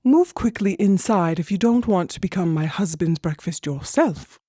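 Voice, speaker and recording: A narrator voicing a tall ogre's wife in a storybook reading for learners, hushed and urgent. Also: medium pitch, animated, moderate pace, no room sound, studio quality, pitched above the performer's own voice, lightly acted. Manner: hushed and urgent, with a mocking laugh. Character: big, tall ogre's wife, sly but kind.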